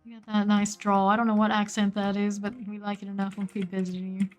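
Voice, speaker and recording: A woman streamer giving steady, matter-of-fact running commentary while she plays a game live. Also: medium pitch, fast, rough recording.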